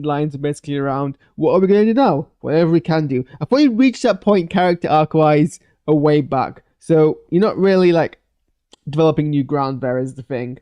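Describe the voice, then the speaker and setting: A man giving a loose, hesitant live reaction to a TV episode, full of fillers and restarts, with sudden bursts of excitement. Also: fairly high pitch, clean tone. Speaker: video reviewer. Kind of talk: live post-watch reaction.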